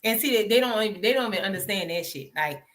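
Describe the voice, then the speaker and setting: A woman's voice: mid-range voice, expressive, fast talker, fairly bright tone. A woman hosting a live podcast, agreeing emphatically and speaking frankly in casual chat. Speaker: podcast host.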